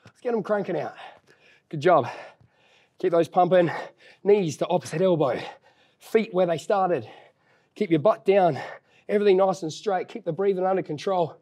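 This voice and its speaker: A fairly high-voiced young man coaches a home workout, puffing as he exercises along. He cheers the listener on and counts the reps down in a loose, joking way. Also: moderate pace, pauses often, a little mellow. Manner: upbeat encouraging, counts reps down, casual banter. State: out of breath while exercising. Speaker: fitness trainer.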